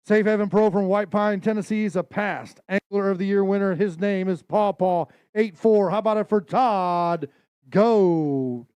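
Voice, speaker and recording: A man's voice: sits high, moderate pace, a little mellow, clean tone, no room sound. A man emceeing a fishing tournament weigh-in, announcing weights and joking energetically with anglers and the crowd. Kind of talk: live event announcing.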